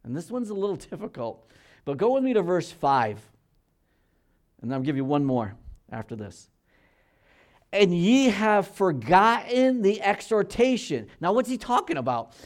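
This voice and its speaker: A man's voice: fairly high pitch, big pitch swings, normal speed. A man in his sixties, a pastor, preaching an earnest, conversational sermon and checking in with his listeners. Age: 60s. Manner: swings between loud emphasis and quiet asides.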